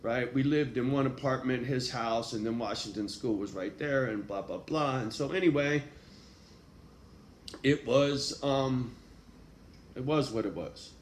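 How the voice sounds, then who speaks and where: A man's voice: mid-range voice, a little slow. Profane man telling a story, echoey room. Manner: profane, street slang, frequent "right?". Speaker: vlogger. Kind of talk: casual storytelling monologue. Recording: echoey room with faint background noise.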